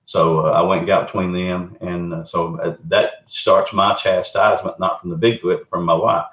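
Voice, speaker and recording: Man, Southern US accent, very low voice, folksy rambling storyteller, echoey lo-fi audio. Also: moderate pace. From Arkansas, US. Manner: folksy, rambling, animated retelling. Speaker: guest, Bigfoot researcher. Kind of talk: casual storytelling. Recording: roomy, dull lo-fi remote audio.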